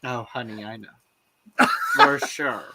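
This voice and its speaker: A man's voice: medium pitch, steady tone, slow pace, crowd noise, low-quality recording. A man co-hosting a casual chat, telling stories in a playful, teasing way.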